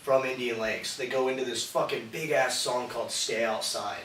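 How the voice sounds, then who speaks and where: Podcast co-host, male, bright, loose, profane storyteller; roomy room, off-mic, faint hiss. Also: mid-range voice, steady tone, normal speed, recorded from a distance. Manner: rambling, profane, says "dude" constantly. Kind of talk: casual storytelling chat.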